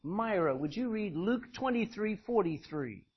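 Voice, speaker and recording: A man's voice: high-pitched, expressive, measured pace, breathy edge. A man preaching an interactive sermon to a congregation, emphatic in his points and calling on listeners by name to read verses aloud. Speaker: preacher teaching a Bible study. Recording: dull lo-fi recording.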